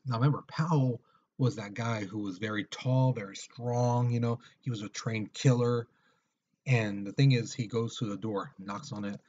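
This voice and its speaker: A man's voice: medium pitch, a little mellow, a little hiss or hum. A man teaching history in a casual lecture, telling the story in a chatty way and acting out scenes, on a dull lo-fi recording.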